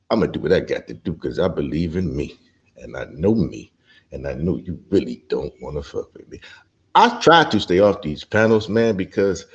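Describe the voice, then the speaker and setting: A man's voice: low voice, darkish tone, highs cut off. A middle-aged man ranting as a panel guest, blunt and profane. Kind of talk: ranting commentary.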